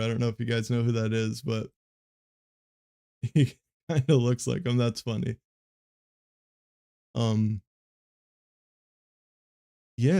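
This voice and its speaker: Young male streamer, monotone casual commentator, warm and smooth with a gravelly edge. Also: mid-range voice. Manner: monotone, rambling with many fillers. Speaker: streamer commenting on a card game match. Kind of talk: casual live play-by-play commentary.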